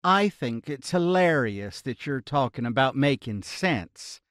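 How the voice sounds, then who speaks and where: A man's voice: medium pitch, expressive, a little slow, fairly bright tone, no echo, studio quality. A man voicing a teasing young woman adventurer with an American Southern accent who scoffs good-naturedly.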